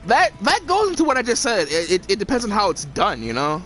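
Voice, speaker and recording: A man's voice: high-pitched, brisk, faint music behind. A man ranting casually about a story he watched, swearing often and laughing between lines. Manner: profane, laughing, animated. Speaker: video creator. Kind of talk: casual rant.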